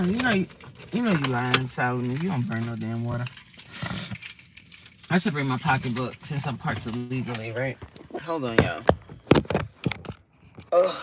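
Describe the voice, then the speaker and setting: A woman's voice: rumbling low, expressive, moderate pace, long pauses, slight background noise. A woman hosting a casual livestream from her car, chatting with viewers, exclaiming and reading their comments aloud. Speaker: livestream host.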